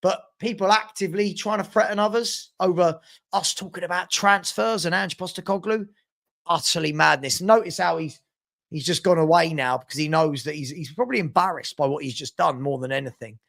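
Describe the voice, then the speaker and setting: A man's voice: fairly high pitch, fairly quick, vocal fry, fairly bright tone. A man from South London with a London accent, hosting a live football transfer show and bluntly telling off commenters in a repetitive, casual way.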